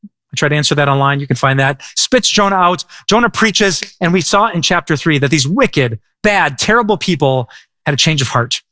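A middle-aged man preaching with a bright, forceful edge and a conversational, humorous delivery. His voice sits a bit high for a man, and the recording is dry and close. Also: animated, normal speed, dry recording. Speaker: pastor. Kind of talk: sermon.

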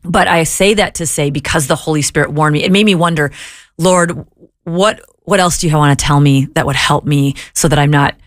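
A woman guest on a faith talk show, telling stories in an animated way and acting out the dialogue she quotes. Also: sits low, a little fast.

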